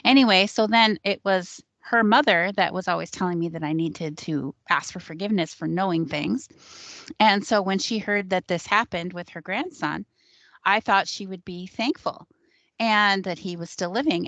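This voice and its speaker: A woman's voice: fairly low pitch, gravelly, a bit bright, no echo. A woman recounting a personal experience in a casual, conversational way, with frequent ums and likes. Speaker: psychic sharing her experiences on a panel show. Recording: dull lo-fi sound, dry.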